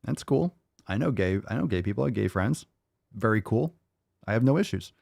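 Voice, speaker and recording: A man's voice: lowish voice, animated, brisk, gravelly, a little mellow, no echo, clean studio sound. Blunt, profane man mocking clips. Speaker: host reacting to clips. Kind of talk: casual reaction commentary.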